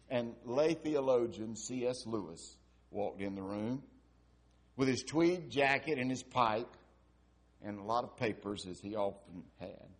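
Slow, lively-pitched preacher man. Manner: dramatic storytelling, swinging from loud to hushed. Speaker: pastor. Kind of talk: sermon.

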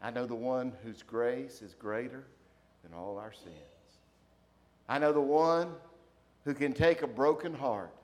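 A man preaching a sermon to his congregation, then leading a quiet prayer. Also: medium pitch, a little slow, pauses often. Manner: swings from loud emphatic preaching to soft hushed prayer. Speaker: pastor. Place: church sanctuary.

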